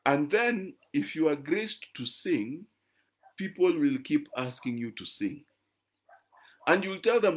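A man's voice: fairly high pitch, animated, a little slow, fairly bright tone. A man, preaching a teaching sermon in an emphatic, conversational way and often checking in with "right?". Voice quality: croaky voice. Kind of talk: teaching sermon to a live-stream audience.

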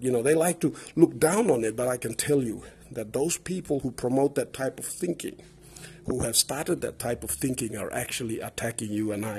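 This podcast host is a man from Papua New Guinea whose English carries that country's accent. In an impassioned advocacy monologue he repeats words and stacks up lists, his mid-range, darkish voice carrying a breathy edge.

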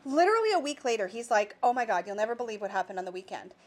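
A woman's voice: on the high side, big pitch swings, racing. A woman with a Canadian accent, co-hosting a casual podcast and telling a rambling story full of asides. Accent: Canadian English. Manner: chatty storyteller, many restarts and quoted asides. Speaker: podcast co-host. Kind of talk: casual chat.

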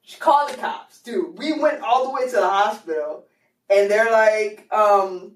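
A woman's voice: mid-range voice, unhurried. A young adult woman hosting a podcast, telling stories casually with lots of laughter and acted-out quotes. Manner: animated, laughing, acts out quotes. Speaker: podcast host. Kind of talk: casual storytelling chat. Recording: echoey room, distant mic.

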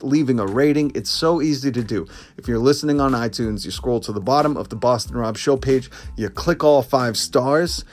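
A man hosting his own podcast, talking casually in a rambling, jokey way with lots of asides. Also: mid-range voice. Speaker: podcast host. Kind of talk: casual solo podcast monologue.

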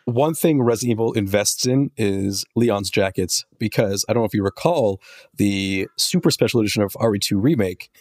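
A man co-hosting a casual gaming chat, matter-of-fact and quick to correct himself. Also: fairly low pitch, darkish tone, no echo, clean studio sound. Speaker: podcast co-host.

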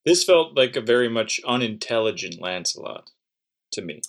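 Halting man mulling over verse. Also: mid-range voice, very animated. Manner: halting, many restarts, reads verse aloud in a mock-dramatic way. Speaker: podcast co-host discussing plays. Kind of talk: casual chat.

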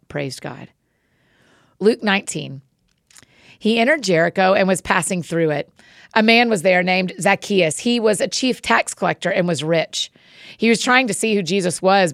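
A woman reading scripture aloud in a measured, even way. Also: medium pitch, gravelly, no echo, clean studio sound. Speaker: scripture reader.

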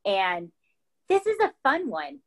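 A woman's voice: mid-range voice, huge pitch swings, slow, a bit bright, low-quality recording. A woman from the United States hosting a casual podcast chat, giggly and enthusiastic.

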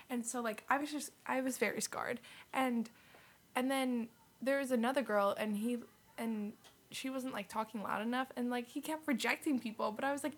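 A young woman co-hosting a podcast, telling a chatty story full of "like" in casual conversation. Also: a little high. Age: young adult. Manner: chatty storytelling, heavy use of "like", quick to laugh. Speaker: podcast co-host. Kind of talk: casual chat.

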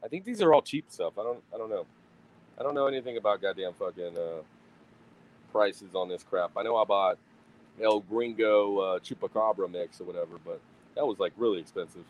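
Brief: male livestream host, lowish voice, cussing, rambling, self-mocking, recorded outdoors on a phone. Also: a little fast, poor audio. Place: outdoors at a grill.

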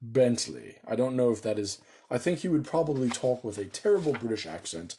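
Excitable, foul-mouthed American man. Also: mid-range voice, quick pace, slight background noise. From United States. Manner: excited, joking, swears casually. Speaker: solo tabletop game player. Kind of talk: casual solo game chat.

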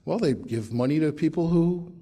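A man's voice: on the high side, expressive, moderate pace, dark tone, breathy edge. Wry middle-aged man telling his story. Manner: wry, self-mocking storytelling with frequent restarts. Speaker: recovery meeting speaker. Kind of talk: personal recovery testimony.

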